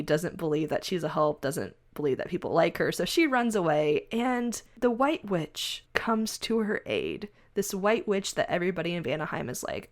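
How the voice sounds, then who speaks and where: A woman co-hosting a podcast, recapping a comic storyline in casual chat and acting out characters' lines as she goes. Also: sits low. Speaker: podcast co-host.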